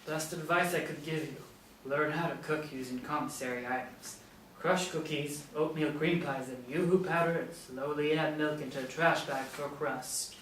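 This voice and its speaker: A man reading a towering, gruff biker janitor in his forties, a big softie, with a deep voice, giving fatherly advice at a table read of a TV pilot. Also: fairly even intonation, moderate pace, a little hiss or hum, lightly acted. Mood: gentle gruff. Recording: roomy, distant mic.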